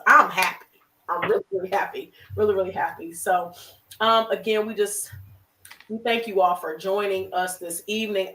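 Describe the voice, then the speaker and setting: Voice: mid-range voice, bright, forceful tone, roomy sound, recorded from a distance, low-quality recording. A therapist hosting a show on a video call, speaking with effusive, emotional, faith-filled encouragement. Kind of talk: warm encouraging closing remarks on a live web show.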